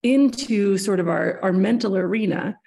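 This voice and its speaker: A woman's voice: medium pitch, moderate pace, creaky, mellow. A woman hosting a podcast, explaining ideas earnestly at length, with many restarts. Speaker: podcast host. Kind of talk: casual interview chat.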